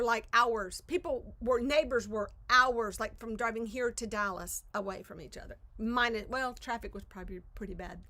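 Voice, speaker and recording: A woman's voice: medium pitch, pushed and bright. Rambling woman chatting crafts. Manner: rambling, self-deprecating, trails off mid-thought. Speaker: crafting vlogger. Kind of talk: casual livestream chat. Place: home craft studio.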